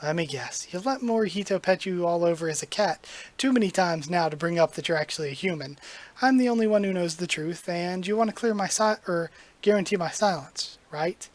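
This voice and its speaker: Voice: mid-range voice, expressive, brisk, natural voice. A reader voicing a cocky werewolf man who loves a fight, talking in a swaggering, teasing way.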